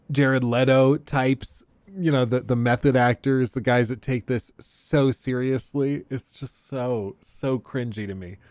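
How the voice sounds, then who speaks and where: A man's voice: medium pitch, clean tone, no room sound. A man hosting a livestream, chatting casually and ranting sarcastically, often laughing. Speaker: livestream host. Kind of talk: casual chat.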